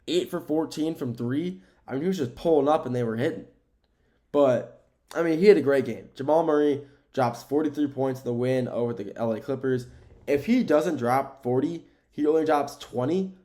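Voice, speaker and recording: A young American man hosting a sports podcast alone. He rambles in casual chat, repeats himself and uses a lot of fillers, and he gets excited when he talks about the games. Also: medium pitch. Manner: grows excited when talking about the game. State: sleepy, keeps yawning. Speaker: podcast host.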